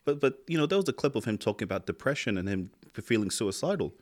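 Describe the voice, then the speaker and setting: Cursing constantly, an impassioned man co-hosting a podcast chats casually but with heated emphasis and escalating outbursts. He talks fast in a mid-range voice with big swings in pitch.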